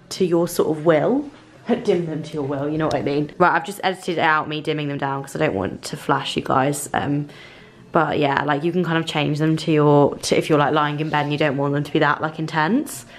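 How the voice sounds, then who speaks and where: Gushing young English woman vlogging. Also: deep voice. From England. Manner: gushing, excitable, says "literally" and "like" a lot. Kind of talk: casual vlog chat. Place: small bedroom indoors with fairy lights.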